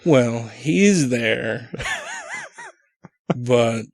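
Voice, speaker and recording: A man's voice: mid-range voice, lively intonation, drawn-out words, vocal fry, darkish tone, no room sound. A man co-hosting a casual podcast, bantering and swearing freely. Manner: profane, laughing banter. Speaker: podcast co-host.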